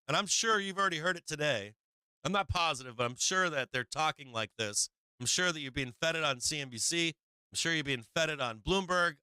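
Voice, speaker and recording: A man's voice: on the high side, pushed and bright, clean tone, no echo. A man hosting a live stock market stream, talking bluntly in casual commentary full of swearing and restarts, often laughing. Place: home live-stream setup.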